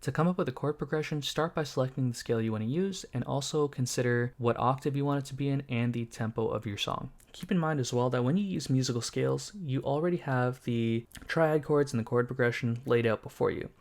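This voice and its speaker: A man teaching music production basics in a calm, methodical tutorial, explaining each step. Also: medium pitch, fairly quick, hardly any pauses. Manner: calm, methodical, walks through each step while playing examples.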